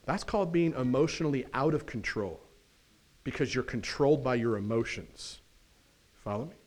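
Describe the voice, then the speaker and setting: A man with an American accent preaching a conversational sermon in a church, often checking in with the congregation with quick questions. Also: medium pitch. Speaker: pastor. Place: church sanctuary.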